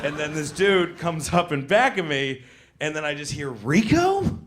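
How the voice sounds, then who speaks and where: Stand-up comic, thirties, loose rambling delivery, slightly high voice. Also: male voice, moderate pace, a bit bright. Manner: rambling storytelling with many fillers and voiced characters. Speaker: stand-up comedian. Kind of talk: stand-up comedy set.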